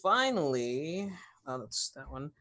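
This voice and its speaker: A player speaks slowly and casually at a tabletop game, calling out dice rolls and attack damage. The voice sits at a middle pitch and carries an easy, offhand tone. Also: sing-song, bright, forceful tone.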